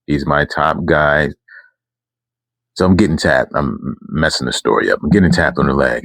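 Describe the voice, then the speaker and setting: Very deep-voiced man telling a rambling story. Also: expressive, brisk, fairly bright tone, breathy edge, no room sound. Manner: rambling, self-correcting, emphatic. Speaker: channel host telling a story. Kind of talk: casual storytime monologue.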